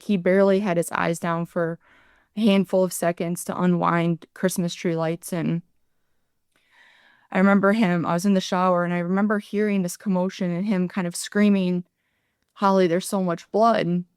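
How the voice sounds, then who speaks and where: A woman in her thirties, a nurse and paramedic, telling her story as a podcast guest in an earnest, halting way. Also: lowish voice, a little mellow, clear, resonant tone, no room sound, clean studio sound. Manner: earnest, halting retelling that acts out her own past words. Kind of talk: podcast interview, personal account.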